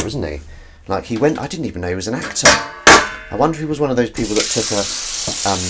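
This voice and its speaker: A man with a fairly low voice talks casually to his live-stream viewers while washing up, rambling and poking fun at himself. His pitch swings widely from one phrase to the next. Frying and sizzling from the kitchen sound clearly behind him. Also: noisy background. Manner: rambling, self-mocking, chatting to viewers. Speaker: livestream host washing up. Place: home kitchen at the sink. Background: frying and sizzling food, clinks.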